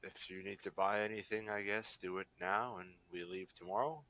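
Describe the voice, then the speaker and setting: A man's voice: sits low, little pitch movement, brisk, pushed and bright. A man playing an awkward male adventurer in a tabletop game, stammering and unsure.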